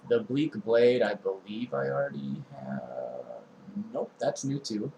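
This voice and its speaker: Slow, low-voiced man casually narrating gameplay. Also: gravelly, highs cut off, background noise. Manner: relaxed, meandering, many ums and uhs. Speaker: streamer playing a game. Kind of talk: casual let's-play commentary.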